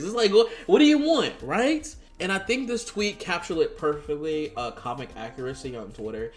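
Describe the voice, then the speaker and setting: A man's voice: on the high side, lively intonation, quick pace, few pauses. A man delivering an exasperated, sarcastic and profane rant as a commentary video host, mocking the critics he quotes. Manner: mocks critics in quoted asides. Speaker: YouTube commentator. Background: faint background music.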